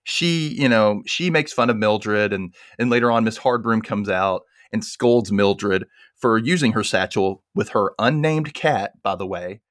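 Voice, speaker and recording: A man with a lowish voice hosts a relaxed chat show. He recaps a movie in a rambling, lively way, full of asides. The sound is dry and close. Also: measured pace, few pauses, dry recording. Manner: chatty, rambling, animated retelling. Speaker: podcast host. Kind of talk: casual chat, retelling a movie.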